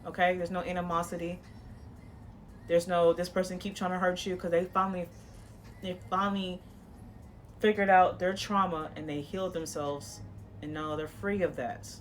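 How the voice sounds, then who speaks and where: A woman's voice: lowish voice, level tone, normal speed, pauses often, slight background noise. A woman giving a casual tarot reading in a blunt, profane, coaching tone, rambling with frequent "you know"s and restarts. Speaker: tarot reader.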